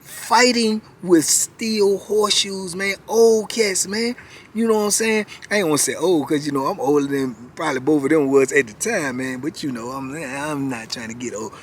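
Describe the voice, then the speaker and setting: A man's voice: a little high, brisk, a little hiss or hum. Slangy storytelling man in his fifties. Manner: animated, slangy, peppered with "you know". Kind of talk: casual storytelling.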